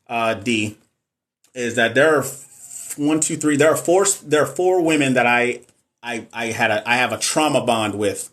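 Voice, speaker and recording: A man's voice: medium pitch, a bit bright. A man, chatting casually on a live stream into a phone, joking and swearing as he answers viewers' questions. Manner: loose and joking, slangy, swears freely, talks straight to viewers. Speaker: nurse and NCLEX coach hosting a live stream.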